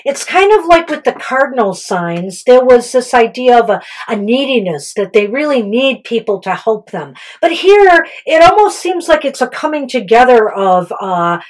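A woman with a somewhat high voice chats her way through a tarot spread in a casual, unscripted manner. She trails off and corrects herself often, filling gaps as she thinks aloud. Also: very animated, normal speed, few pauses, rough recording. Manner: chatty, loose, with many fillers and self-corrections. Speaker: tarot reader and co-host. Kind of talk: casual tarot reading chat.

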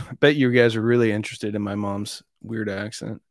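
A man's voice: fairly low pitch, steady tone, moderate pace, dry recording, studio quality. Easygoing rambling man on a live stream. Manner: rambling, easygoing, self-deprecating. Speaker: audio channel host. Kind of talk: casual live-stream chat.

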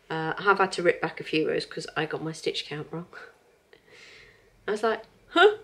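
A woman's voice: sits low, normal speed, bright, forceful tone. Chatty woman vlogging at home. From England. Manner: chatty, rambling, laughs often. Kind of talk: casual chatty vlog.

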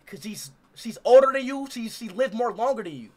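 A man streaming in public, chatting loudly and playfully with strangers in a casual, teasing way. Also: very high voice, a little fast. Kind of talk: casual street chat with strangers.

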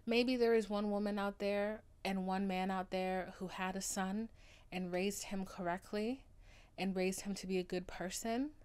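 A woman's voice: mid-range voice, fairly even intonation, measured pace, a little mellow, smooth. Overdramatic, gushing young woman podcaster. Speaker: podcast host. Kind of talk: casual solo podcast monologue.

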